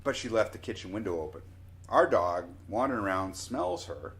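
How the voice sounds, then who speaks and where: A Canadian man in his forties tells a casual story with a somewhat low voice. He is animated and unpolished, trips over restarts and drops his voice on asides. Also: moderate pace, creaky. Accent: Canadian English. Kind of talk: casual spoken anecdote.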